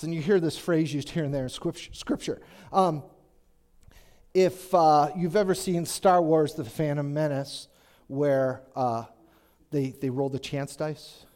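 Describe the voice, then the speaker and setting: On the high side and a little mellow, this male preacher keeps a measured pace. He delivers a conversational sermon, chatty and joking in asides, and poses questions to the congregation.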